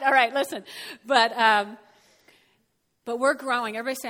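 A woman pastor preaching a lively, folksy sermon to a congregation. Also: fairly high pitch, normal speed, pauses often. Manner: lively, folksy, with whoops and laughs. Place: church. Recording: church hall reverb.

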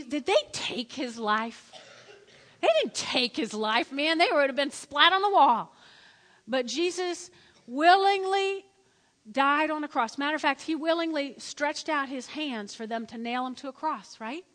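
High-voiced woman preaching in a reverberant hall. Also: a little slow. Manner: lively, dramatic storytelling with acted-out quotes. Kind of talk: sermon.

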